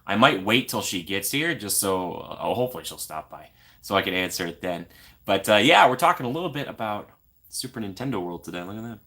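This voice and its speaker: An upbeat man chats casually on a live stream, greeting viewers by name and answering their questions. His voice sits a little low but sounds bright and forward, and he often lifts into a playful sing-song. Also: very animated, brisk. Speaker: YouTube live stream host.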